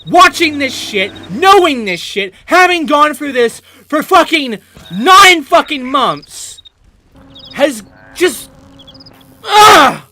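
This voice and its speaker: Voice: high-pitched, big pitch swings, takes it slowly, sharp tone, slight background noise. A gaming host giving let's play commentary, ranting in a profane, exasperated way.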